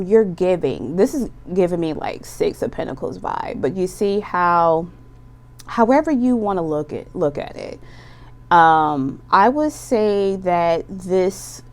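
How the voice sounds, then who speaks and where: Woman doing a chill tarot reading, lowish smooth voice, slangy and chatty. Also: darkish tone. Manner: chatty, loose and slangy, with laughs and asides. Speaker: tarot reader.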